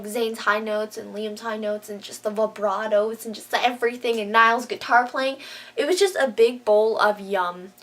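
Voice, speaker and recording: A woman's voice: on the high side, a bit bright. A woman vlogger chatting casually to camera, gushing and filling her talk with "like". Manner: gushing, says "like" a lot.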